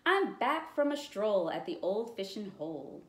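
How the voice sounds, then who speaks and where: A cheerful badger from a children's storybook, chatting on his way in from fishing, read by a woman. The lines come slowly, with a lively sing-song lilt. The room echoes around the voice. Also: medium pitch.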